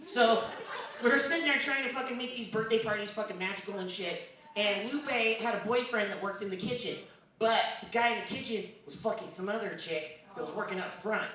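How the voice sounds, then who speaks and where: A woman's voice: medium pitch, a little fast, a bit bright. A young woman telling a crude, profane, self-mocking story at a live storytelling comedy show. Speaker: storyteller comic. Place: comedy bar stage. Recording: echoey room from far off, crowd noise. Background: laughing crowd.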